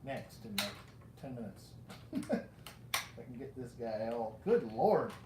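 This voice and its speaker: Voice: mid-range voice, sing-song, a little slow, echoey room, noisy background. A toy collector chatting casually through a live unboxing, rambling, joking at their own expense and talking to the figures. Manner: rambling and self-mocking, talks to the toys, laughs often.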